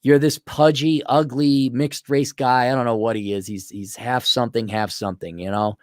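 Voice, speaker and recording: A man hosting an opinionated commentary monologue, rambling and animated, often slipping into mocking impressions. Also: medium pitch, moderate pace, no echo, clean studio sound. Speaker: host.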